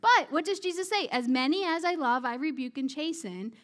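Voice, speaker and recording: A woman with a high-pitched voice delivers a sermon. She speaks informally, turns questions back to her listeners, and laughs easily at her own jokes. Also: lively intonation, fairly quick. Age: adult parent. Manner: conversational, asks the audience questions. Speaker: preacher.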